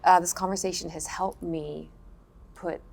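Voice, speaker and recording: A woman's voice: lowish voice, steady tone, unhurried, gravelly, darkish tone. A woman pastor on a panel, speaking earnestly and repeating key phrases for emphasis. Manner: earnest, preacher-like emphasis with repetition. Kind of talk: panel discussion.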